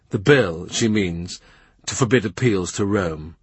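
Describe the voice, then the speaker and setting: A man giving a measured, expressive audiobook narration. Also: sits low, breathy edge, dry recording.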